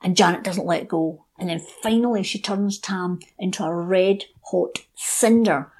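A woman telling a folk tale aloud, expressive and shifting between hushed and lively. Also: lowish voice, measured pace. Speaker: storyteller guest. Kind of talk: oral folk storytelling.

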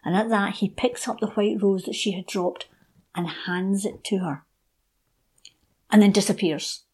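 A woman telling a folk tale aloud, expressive and shifting between hushed and lively. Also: mid-range voice, unhurried, slightly rough. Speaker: storyteller guest. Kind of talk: oral folk storytelling.

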